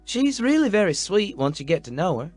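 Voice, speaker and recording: A man's voice: high voice, big pitch swings, a little fast, darkish tone, faint music behind, pitched above the performer's own voice. A man voicing a friendly young woman who speaks in a sweet, reassuring, apologetic way. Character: friendly young woman smoothing things over.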